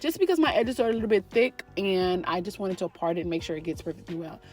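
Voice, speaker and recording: A woman's voice: on the low side, quick pace, a little mellow, soft background music. A woman giving a chatty, sassy hair tutorial straight to her viewers. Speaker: beauty vlogger teaching a wig install. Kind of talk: casual tutorial voice-over.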